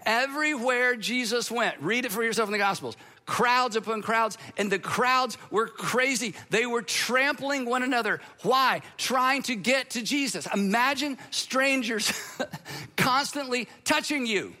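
Middle-aged male pastor, sermon delivery, high and bright, chatty and animated. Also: measured pace. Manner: conversational, animated, acts out quoted voices.

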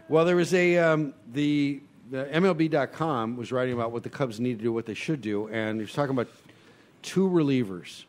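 A man's voice: medium pitch, fairly quick, a little mellow. A man hosting a casual sports talk chat, pressing his points about the team with rhetorical questions.

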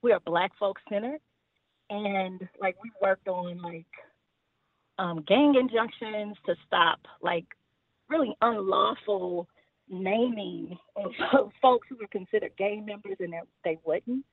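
A woman's voice: medium pitch, slow, no room sound. A woman from Houston, a community organizer talking earnestly as a podcast guest, with fillers and small laughs. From Houston, Texas. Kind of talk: casual podcast interview. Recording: tinny phone-like line.

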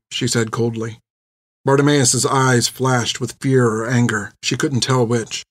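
A man with a medium-pitched voice narrates an audiobook in a steady, measured way. The recording is studio quality with no echo.

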